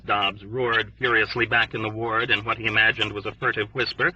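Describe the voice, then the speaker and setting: A man narrating an audiobook in a measured storytelling way. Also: lowish voice, flat delivery, pushed and bright, no room sound, recorded from a distance, dull audio. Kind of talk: scripted narration.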